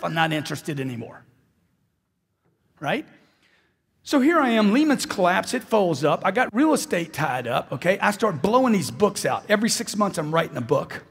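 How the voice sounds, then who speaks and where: A man's voice: high-pitched, big pitch swings, normal speed, vocal fry, husky, big-room sound. A man giving a live sales seminar speech, intense and emphatic, repeating phrases for punch. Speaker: motivational sales speaker.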